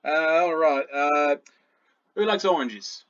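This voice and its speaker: A man voicing a spindly, gruff middle-aged male goblin jailer who talks rough and blunt, with casual slang. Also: fairly high pitch, lively intonation, slow, fairly bright tone, dry recording, muffled recording.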